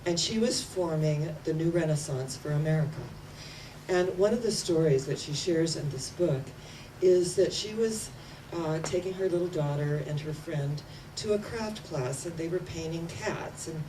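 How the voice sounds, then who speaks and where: A woman's voice: low-pitched, moderate pace, mellow. Older woman minister preaching from afar. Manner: emphatic, repeating words with rising and falling intensity. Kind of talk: sermon. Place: church platform. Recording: distant mic with faint room noise.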